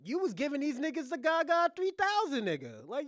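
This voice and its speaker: A man's voice: very high voice, huge pitch swings, fairly quick, no echo, studio quality. A man hosting a casual livestream rant, mocking someone, laughing often and repeating himself. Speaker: livestream host.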